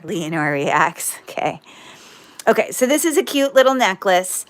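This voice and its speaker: Hosting a jewelry sale on livestream, a woman talks unhurriedly at medium pitch with big pitch swings. Her casual, rambling chat with viewers includes corny puns and sentences left unfinished.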